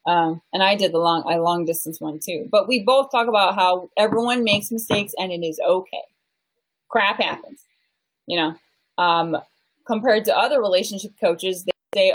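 A woman in her mid-thirties speaking at an everyday middle pitch, talking frankly as a relationship coach in an interview. She is animated and goofy, jumps into tangents and leans on "you know" and "like" as she goes. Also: normal speed, rough recording. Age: 30s. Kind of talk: candid conversational interview.

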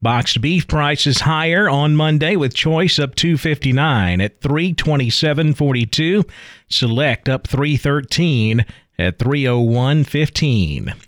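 A man anchoring a farm radio market report, reading prices in a brisk, steady way. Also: on the high side, no echo, studio quality.

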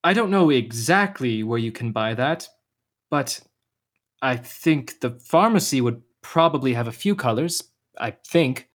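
A young actor playing a tired, gentle uncle in a radio drama, patient but quick to flare. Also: male voice, medium pitch, animated. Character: uncle Gio, weary, tender, short-tempered.

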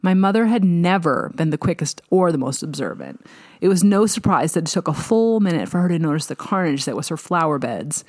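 A woman narrating a first-person novel in a measured, wry way. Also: low-pitched, animated, a little mellow, no echo, clean studio sound. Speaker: audiobook narrator.

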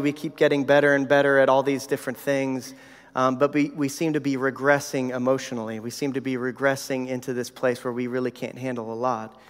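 A man in his thirties giving a sermon, telling a personal story in a conversational way with many fillers. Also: mid-range voice. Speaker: pastor. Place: church hall. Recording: reverberant hall.

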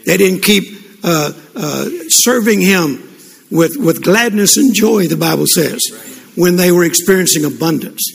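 An older man delivers a sermon in a high, husky, gravelly voice. He tells folksy stories and often restarts his sentences. The sound carries the long reverb of a large hall. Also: a little slow. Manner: folksy storytelling with repeated restarts. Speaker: pastor. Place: church. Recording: echoey hall with congregation responses.

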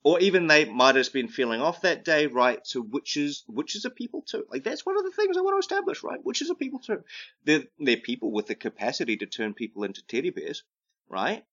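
A man's voice: medium pitch, huge pitch swings, brisk, fairly bright tone. A man giving rambling comedic advice who keeps tagging his sentences with "right?". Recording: dull lo-fi recording.

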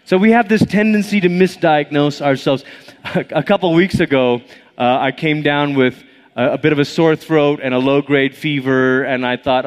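A man's voice: fairly high pitch, fairly quick. A male pastor delivers a sermon with a slightly raised voice, switching into acted-out inner voices as he tells a story. He is a little out of breath. His words ring with the long reverb of a church hall.

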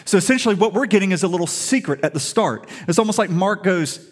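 A man's voice: high-pitched, lively intonation, fast talker, few pauses. A man preaching a sermon in an emphatic storytelling way, full of rhetorical questions. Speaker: pastor.

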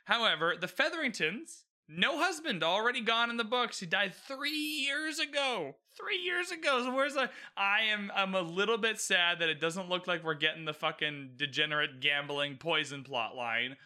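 A man talking through a book and its show adaptation in loose, animated commentary. His voice sits a little high and sounds very bright and forceful. He swears freely and keeps checking in with the listener. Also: normal speed, few pauses. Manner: animated, swearing, frequent "you know what I mean". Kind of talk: casual reaction commentary.

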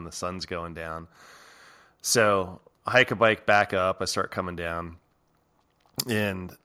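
Bright, clear-voiced male podcast host. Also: low voice. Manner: rambling, laughs a lot, restarts. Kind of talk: casual chat, telling a story.

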